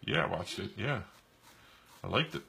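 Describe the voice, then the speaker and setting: A man's voice: low-pitched, animated, moderate pace, vocal fry, a crowd in the background. A man from New York co-hosting a live stream, chatting casually and telling rambling stories with many restarts while he draws. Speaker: co-host and artist drawing live. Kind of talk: casual chat while drawing.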